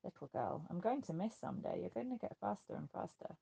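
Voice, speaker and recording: A reader voicing a curt, weary man with a gravelly voice. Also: sits high, very animated, brisk, dark tone, heavily acted, poor audio. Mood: easygoing. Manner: blunt and curt. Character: tense, weary grown man, protective of the children.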